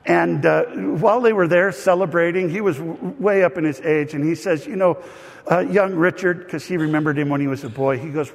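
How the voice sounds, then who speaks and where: Male pastor, slightly high voice with gravel, animated storyteller, long hall reverb. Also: a little fast. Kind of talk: sermon.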